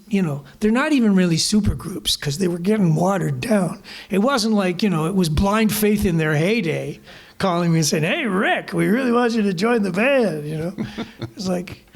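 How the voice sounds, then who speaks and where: Canadian man telling lively stories. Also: high voice, creaky. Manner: animated anecdotes, acting out quoted voices, laughing. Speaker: guest musician. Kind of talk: storytelling conversation. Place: small live music venue.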